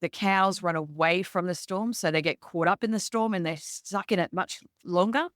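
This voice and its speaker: A woman with an Australian accent, a leadership expert guest telling stories in a relaxed interview and acting out quotes as she goes. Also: fairly low pitch, normal speed, no room sound, studio quality. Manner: lively, acts out quotes in her stories. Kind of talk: conversational interview storytelling.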